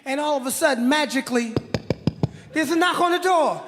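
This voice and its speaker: A man's voice: very high voice, brisk, a bit bright. A man, a guest on stage, telling a story in an easygoing, laughing manner. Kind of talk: live stand-up storytelling. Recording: live hall with crowd.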